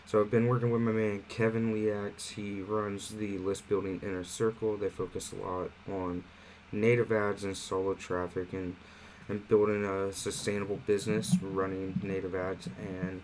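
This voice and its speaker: Man, lowish voice, relaxed tutorial host, faint air-conditioner hum in the room. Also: normal speed, few pauses, low-quality recording. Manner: relaxed, conversational walkthrough with fillers. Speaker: online marketing platform host. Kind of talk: casual screen-share tutorial.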